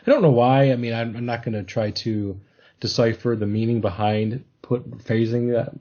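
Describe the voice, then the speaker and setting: A man's voice: medium pitch, steady tone, normal speed, warm tone, lo-fi sound. A man hosting a casual podcast discussion, talking thoughtfully and hesitantly with many restarts. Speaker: podcast host.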